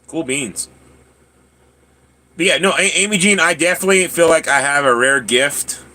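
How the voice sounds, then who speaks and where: A man's voice: fairly high pitch, normal speed, sharp tone. A man hosting a livestream, chatting casually with viewers, often stammering and repeating words. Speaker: livestream host. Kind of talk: casual chat reading viewer comments.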